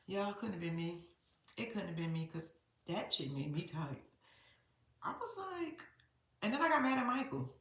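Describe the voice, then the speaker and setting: A woman's voice: fairly low pitch, moderate pace, pauses often. A woman rants through a reality-show recap, blunt and profane, her voice swinging widely up and down. She talks straight to her viewers in a casual vlog voice. The room around her rings with echo. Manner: blunt, profane, animated ranting. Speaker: reality TV commentator.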